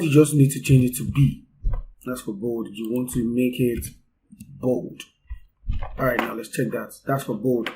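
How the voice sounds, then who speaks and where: A man's voice: medium pitch, warm tone, slight background noise, poor audio. A man giving an unscripted coding tutorial while working on his screen, explaining step by step with frequent fillers. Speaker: coding instructor.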